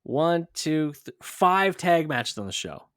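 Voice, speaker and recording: A man's voice: a little high, sing-song, fairly bright tone, smooth, no room sound, clean studio sound. A man co-hosting a podcast in casual chat, quizzing his partner and reeling off lists of names. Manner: quizzing, listing names quickly. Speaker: podcast co-host.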